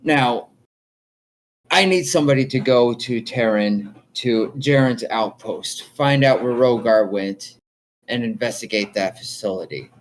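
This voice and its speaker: A man's voice: medium pitch, measured pace, a little hiss or hum, lightly acted, low-quality recording. A man voicing a composed male quest giver who offers the party a paid job. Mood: businesslike.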